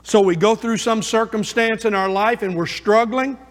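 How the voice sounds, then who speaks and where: A man's voice: high-pitched, fairly even intonation, normal speed. A man preaching a sermon in a church, fervent and building emphasis through repeated phrases. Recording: long reverb of a large hall.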